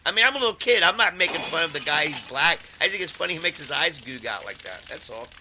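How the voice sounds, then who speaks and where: A man's voice: on the high side, expressive, fast talker, bright, forceful tone, slight background noise. A man chatting casually as a guest on a comedy podcast, rambling with fillers.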